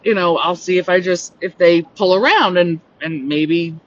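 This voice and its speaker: At home on a rural homestead, a podcast host tells a casual story in a rambling, animated way, saying "like" constantly. Her voice is on the low side at a normal speed. The mic is distant and dull, lo-fi with faint noise.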